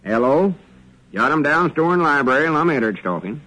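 An actor playing a folksy middle-aged country storekeeper, in an easygoing drawl, in 1940s radio acting. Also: male voice, fairly high pitch, big pitch swings, fairly quick, pushed and bright, full character voice, low-quality recording. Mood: cheerful.

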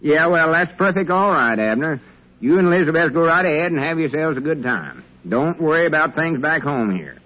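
An actor playing a folksy middle-aged country storekeeper, in an easygoing drawl, in 1940s radio acting. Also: male voice, fairly high pitch, animated, fairly quick, fairly bright tone, poor audio. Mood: cheerful.

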